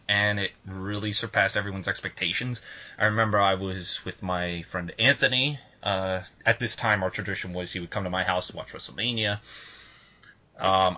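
A young man co-hosts a casual podcast with a bright, forceful voice. He talks excitably, swears freely and breaks into shouting when something gets him going. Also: lowish voice. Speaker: podcast co-host.

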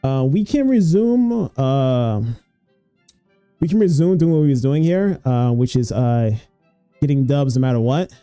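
A young man streaming his gacha pulls, excitable and swearing, pleading and groaning at each result. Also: medium pitch, unhurried, dry recording, soft background music. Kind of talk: gacha pull reaction stream.

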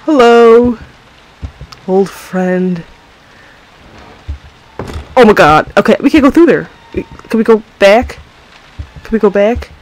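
A woman's voice: mid-range voice, slow pace, pauses often, darkish tone, poor audio. A woman playing a horror game on her own microphone, panicking, swearing constantly and yelping in fright as she talks to her viewers. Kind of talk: let's play commentary. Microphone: own desk mic, moved back to avoid clipping.

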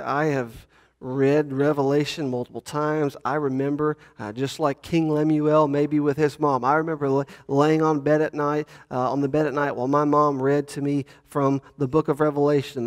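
A male pastor, preaching and reading scripture in a folksy, joking way. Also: mid-range voice. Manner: folksy, says y'all, jokes with the congregation.

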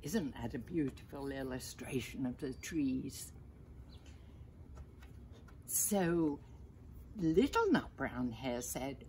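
Older woman, storybook reader for kids, gentle, unhurried, sing-song pitch. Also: animated, slight background noise. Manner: gentle, asks listeners little questions. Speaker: storyteller grandmother. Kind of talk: reading a picture book aloud to children.

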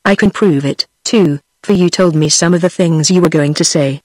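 A woman's voice: low-pitched, normal speed, a little mellow, dry recording, poor audio. Synthetic British woman voicing a meek male biographer. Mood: earnest. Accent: British English. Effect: text-to-speech voice.

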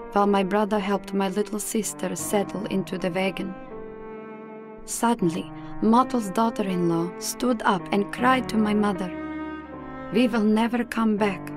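Woman, scripted narration, even and measured, medium pitch, cello behind. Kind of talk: scripted first-person narration. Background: cello music.

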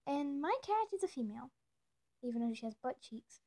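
A woman's voice: sits high, big pitch swings, brisk, dark tone. A woman chatting casually on her animation channel, playful and jokey, gushing and silly, often dropping into whispered asides. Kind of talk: casual vlog chat.

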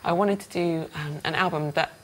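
A woman's voice: deep voice, fairly even intonation, normal speed, a little hiss or hum. Chatty woman musician being interviewed. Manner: chatty, enthusiastic, rambling with fillers. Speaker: musician guest. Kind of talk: casual radio interview chat.

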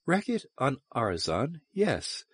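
A man voicing a seductive, mocking alien sorceress who speaks softly and playfully. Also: medium pitch, huge pitch swings, slow pace, breathy edge, no room sound, exaggerated voice. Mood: teasing, soft. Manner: soft, purring, playful and cruel.

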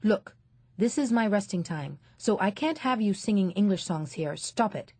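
A woman reading an audiobook, voicing a gruff, sleepy man behind a cinema snack counter in a gravelly voice, bossy and mocking. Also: mid-range voice, animated, normal speed, no echo. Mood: irritated. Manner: bossy, sharp then wheedling. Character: gruff grown man, sleepy refreshments seller, leering and pushy.

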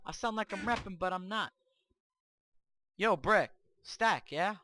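Male gaming host, high and sharp-toned, cocky and excitable trash-talk over gameplay, cheap mic. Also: unhurried, pauses often, slight background noise. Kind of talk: Minecraft gameplay commentary. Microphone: cheap microphone.

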